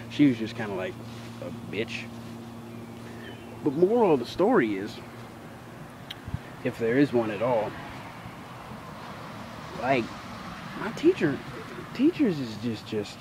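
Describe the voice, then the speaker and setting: A man's voice: medium pitch, background noise. A teenage boy telling a childhood story in a casual, profane, indignant way. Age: teens.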